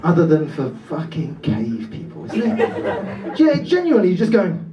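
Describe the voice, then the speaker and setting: Male stand-up from Britain, high and bouncy voice, sweary crowd-work banter, distant roomy club sound, loud laughing audience. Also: wildly swooping pitch, lo-fi sound. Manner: swearing, laughing, rapid self-interrupting banter. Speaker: stand-up comedian. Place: comedy club stage before a laughing audience.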